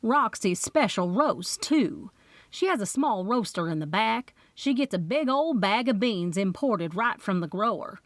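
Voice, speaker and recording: A woman voicing a brassy, nosy older aunt with a slow drawl in an audiobook. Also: mid-range voice, expressive, no room sound, lightly acted. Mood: gossipy. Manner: drawling, bossy and gossipy. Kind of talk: audiobook character voice.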